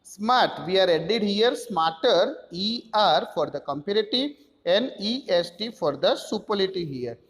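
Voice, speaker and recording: A man's voice: high-pitched, lively intonation, measured pace, fairly bright tone, big-room sound. A man teaching a grammar lesson, explaining step by step and spelling out letters.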